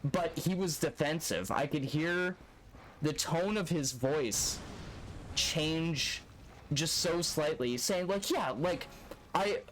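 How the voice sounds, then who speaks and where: A man's voice: on the high side, takes it slowly, a bit bright, slight background noise. A young man streaming a speedrun, telling a long story in a rambling, profane, laid-back way. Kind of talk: casual storytelling while gaming live.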